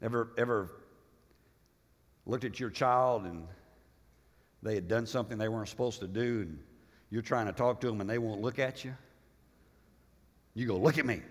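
A man preaching a sermon with emphatic repetition, swinging between loud passages and hushed ones. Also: on the low side, moderate pace, long pauses, big-room sound. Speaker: pastor.

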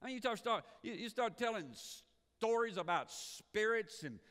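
A man preaching a sermon as pastor, animated and repeating words as he builds each point. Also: high-pitched, normal speed, smooth. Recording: long hall reverb.

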